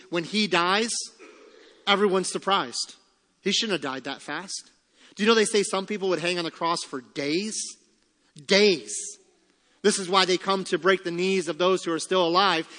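A man's voice: fairly high pitch, a bit bright, long reverb tail. A man preaching a sermon as pastor, emphatic, repeating key lines and asking rhetorical questions.

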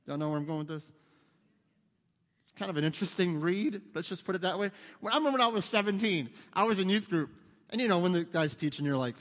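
High-voiced pastor preaching animatedly. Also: male voice, fast. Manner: animated, conversational preaching with humor and asides. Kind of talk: sermon. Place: church sanctuary. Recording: long hall reverb.

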